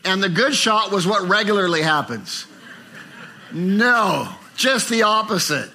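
Older male pastor, bright, slightly high voice, animated sermon delivery. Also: a little slow, vocal fry. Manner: animated, acts out inner voices with rising pitch.

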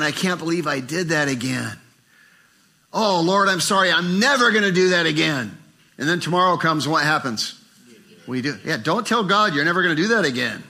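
An older man preaching a sermon, animated and acting out inner voices with rising pitch. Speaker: pastor.

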